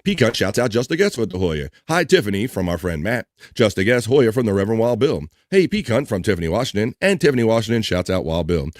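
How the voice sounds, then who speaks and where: A man's voice: on the low side, sing-song, fast, few pauses, no room sound. A man hosting a live stream, chatting casually and reading viewer messages aloud in an upbeat way. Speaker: livestream host.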